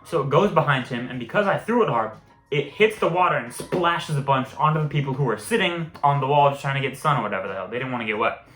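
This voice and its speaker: In an echoey room with faint music playing, a young man who vlogs tells school stories in a loose, rambling way, cursing and cracking himself up. His voice sits in the mid-range and has a slightly bright tone.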